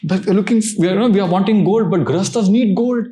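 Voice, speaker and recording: A man giving a scripture class, telling stories in an animated way and laughing often. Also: high voice, fast, reverberant. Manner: animated storytelling, laughs often, mixes Hindi phrases. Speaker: spiritual teacher.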